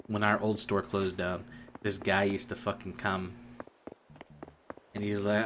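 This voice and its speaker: Low-voiced young man ranting profanely. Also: level tone, unhurried, long pauses, noisy background. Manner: profane, venting, bitter. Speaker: streamer. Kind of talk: casual rant. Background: music.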